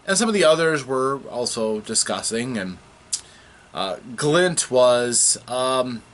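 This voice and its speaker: A man retells his latest tabletop game session in a casual recap. His pitch swings widely as he tells the story, and he often stops and restarts his sentences. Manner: animated storytelling with halting restarts.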